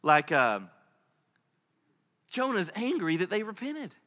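A man preaching a sermon as a pastor, swinging between loud, lively stretches and hushed, intimate ones. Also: high-pitched, takes it slowly, in a large hall.

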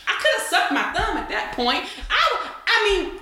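A woman's voice: very high-pitched, moderate pace. A young adult woman co-hosting an explicit casual podcast, telling crude stories with lots of laughter. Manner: crude, animated storytelling with frequent laughs. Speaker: podcast co-host. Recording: very echoey room.

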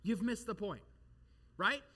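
A man delivers a lively sermon, tossing out rhetorical questions and light jokes. His voice sits a bit high and rings bright and forceful. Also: slow pace. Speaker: pastor.

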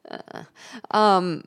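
A woman's voice: medium pitch, smooth. A middle-aged woman telling a personal story in a candid, emotional way, with laughs and chatty fillers.

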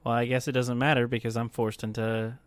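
A man's voice: mid-range voice, level tone, a little fast, dry recording. A man from Texas, chatting on a casual podcast, laid-back and wry.

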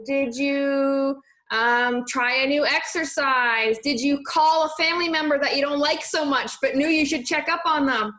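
Speaking at a normal speed in her high voice, a young woman runs a motivational live stream and reads out comments from viewers. The room echoes, and her tone stays upbeat and encouraging.

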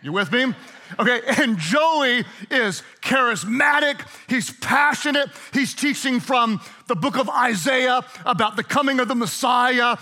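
A man's voice: very high voice, a little slow, sharp tone. A middle-aged man preaching a sermon, retelling a story in a playful, chatty way and laughing often. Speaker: pastor.

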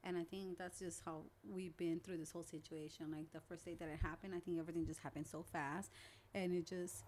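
A young woman talking casually as a guest, telling stories about her family with lively quoted voices. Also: on the low side, fairly quick, a little hiss or hum. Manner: animated storytelling, acting out family quotes. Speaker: guest, older sister. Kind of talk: casual conversation.

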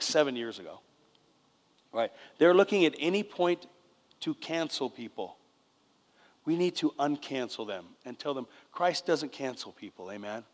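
An older man giving a conversational sermon as a preacher, often checking in with the congregation. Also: a little high. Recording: long reverb of a church hall.

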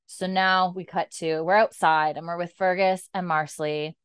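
A woman's voice: fairly low pitch, steady tone, moderate pace, clear, resonant tone, dry recording, studio quality. A woman hosting a casual recap chat, rambling with fillers and acting out quotes. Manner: chatty, many fillers, acts out quotes.

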